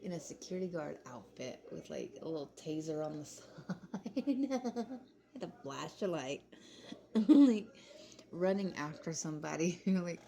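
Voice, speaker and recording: A young woman talks in a chatty commentary style. Her voice sits low and has a gravelly fry. The tone is dark and mellow, and she breaks into laughter often. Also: very animated, a little slow. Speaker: commentary vlogger. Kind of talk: casual commentary chat.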